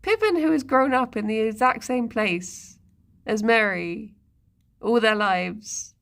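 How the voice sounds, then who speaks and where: Woman, livestreamer, casual chat, thinking aloud, slow-paced, gravelly. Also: fairly high pitch, fairly bright tone. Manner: musing aloud, chatting to viewers and pets. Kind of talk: casual live-stream chat.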